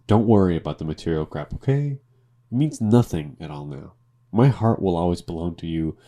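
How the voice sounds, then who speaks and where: A man with a low voice reads posts aloud in a lofty, pompous tone, his pitch rising and falling widely with every line. He sounds a little drunk. He cuts in now and then with loud swearing. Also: expressive, brisk. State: tipsy from drinking. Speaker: podcast co-host. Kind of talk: reading posts aloud in a mock-dramatic voice.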